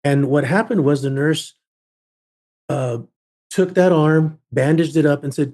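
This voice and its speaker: Podcast guest, a man, emphatic storyteller with a mellow, husky tone. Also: a little high, unhurried, pauses often. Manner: emphatic, repeats words while building a point.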